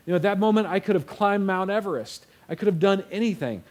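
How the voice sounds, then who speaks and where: A man's voice: sits high, fast talker, hardly any pauses. A young man preaching a sermon in a casual storytelling way, acting out the quotes. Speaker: pastor.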